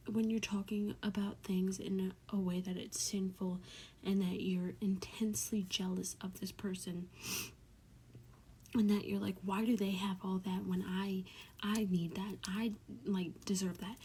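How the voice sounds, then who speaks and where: A young woman giving an earnest, heartfelt Bible study talk, often speaking softly. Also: medium pitch, flat delivery, a little slow. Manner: earnest, emotional, often soft and breathy. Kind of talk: casual devotional talk. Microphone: tablet mic.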